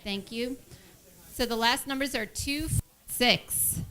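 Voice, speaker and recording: A woman with a somewhat high voice runs the raffle at a live event. She reads out the numbers and announces each prize in a friendly, upbeat way. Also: slow, sharp tone.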